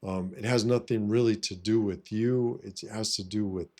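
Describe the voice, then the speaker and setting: A man's voice: fairly low pitch, fairly even intonation, moderate pace, darkish tone. A man talking casually to camera, blunt and profane, who keeps saying "you know what I mean". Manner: blunt, swaggering. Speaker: vlogger giving life advice. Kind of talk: casual monologue.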